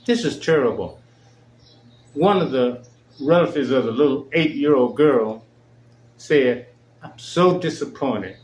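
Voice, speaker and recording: A man's voice: medium pitch, expressive, a little slow, long pauses, a little mellow. A man hosting his own show, delivering an indignant, emphatic monologue. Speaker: show host. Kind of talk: angry monologue. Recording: echoey room.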